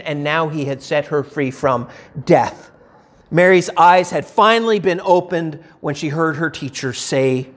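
Male preacher, high-pitched, conversational and emphatic, frequent restarts. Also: fairly bright tone. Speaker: pastor. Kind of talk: sermon.

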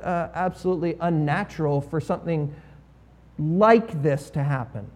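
A man's voice: sits high, darkish tone. A man preaching a sermon as pastor, telling the story with emphasis and a playful, sarcastic streak.

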